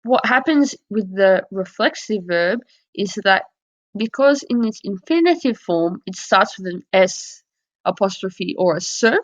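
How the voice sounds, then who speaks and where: A woman's voice: medium pitch, animated, measured pace. A woman teaching a lesson over slides, explaining patiently and modelling example phrases. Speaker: French teacher. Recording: dull lo-fi audio.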